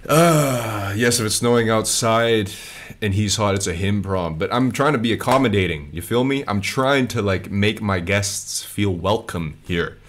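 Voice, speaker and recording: A man's voice: on the low side, moderate pace, few pauses, fairly bright tone. A man hosting a casual chat, laid-back and jokey, dropping slang as he talks to his guest. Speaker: podcast host.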